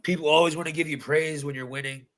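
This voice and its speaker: A male bare-knuckle fighter gives a post-fight interview, pushing each point with intense, repeated phrases. His voice sits a little high and rings sharp and tense. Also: steady tone, fast. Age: adult.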